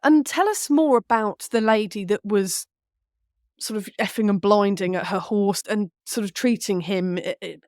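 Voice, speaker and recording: A woman's voice: medium pitch, moderate pace, darkish tone, dry recording, studio quality. A woman hosting an interview, asking curious, probing questions. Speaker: podcast host.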